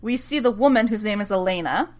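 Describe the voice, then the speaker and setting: A woman in casual podcast chat, recapping a TV episode. She talks at a middling pitch, laughs often and drops swear words without a second thought. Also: animated, fast.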